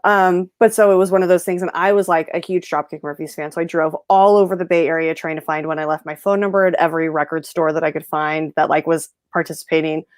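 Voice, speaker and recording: Low-voiced chatty woman host. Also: fairly even intonation, fast talker, few pauses, no room sound, clean studio sound. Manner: chatty, laughs often. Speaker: podcast host. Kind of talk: casual chat.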